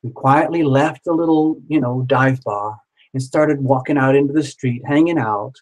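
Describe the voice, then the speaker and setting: A man's voice: medium pitch, normal speed, low-quality recording. A man telling a story casually, rambling and repeating himself, with some swearing.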